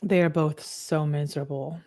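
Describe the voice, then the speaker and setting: Low-voiced woman reading text messages aloud. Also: steady tone, moderate pace, dark tone, no room sound, clean studio sound. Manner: plain read-through, tagging each message with who said it. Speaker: true crime channel host.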